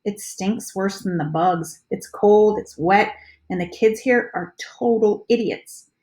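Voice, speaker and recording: A woman's voice: mid-range voice, takes it slowly, a little mellow, reverberant, lightly acted. A woman voicing a homesick, stubborn young boy, speaking eagerly in a raised voice.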